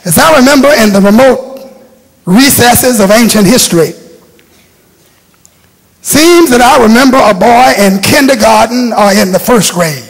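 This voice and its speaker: High-voiced emphatic older preacher, husky. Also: male voice, lively intonation, unhurried, pauses often, big-room sound. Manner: emphatic storytelling preacher, repeats phrases for effect. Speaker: bishop preaching. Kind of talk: sermon.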